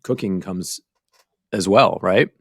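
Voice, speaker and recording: A man hosts a podcast with a lowish, gravelly voice, asking long, rambling questions full of enthusiasm. The recording is dry and close, with no room sound. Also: takes it slowly, no room sound. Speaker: podcast host. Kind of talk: casual interview chat.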